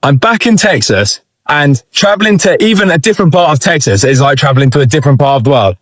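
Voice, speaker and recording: A man's voice: fairly high pitch, expressive, fast, no room sound. A man, explaining things earnestly in a travel vlog to camera.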